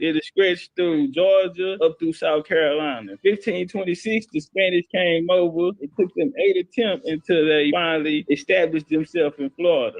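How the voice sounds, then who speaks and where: Guy hosting a live stream, kinda high voice, rambles, shouts people out. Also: muffled recording. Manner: loose, rambling, shouting out viewers. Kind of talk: casual live-stream talk.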